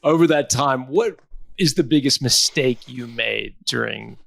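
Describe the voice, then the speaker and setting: A male podcast host with a gravelly, creaky voice asks direct, probing questions. His voice sounds close and dry, with no room echo. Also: medium pitch, unhurried, a bit bright. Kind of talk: interview questions.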